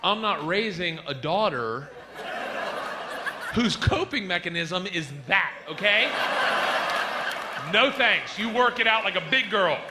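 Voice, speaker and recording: A man performing stand-up on a club stage, his voice sitting a little high for a man. He tells stories loudly and animatedly and breaks into shouts. The live recording carries a clear audience presence behind him. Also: slow, pauses often, heavy background noise. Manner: loud, animated storytelling with shouted bits. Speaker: stand-up comedian. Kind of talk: stand-up comedy set.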